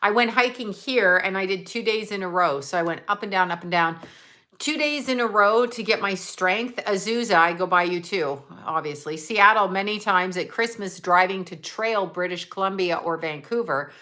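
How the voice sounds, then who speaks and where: A woman's voice: mid-range voice, normal speed, bright, forceful tone. A woman hosting a casual livestream from home, chatting in a bubbly way and reading out where her viewers are. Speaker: livestream host. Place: at home, just out of bed.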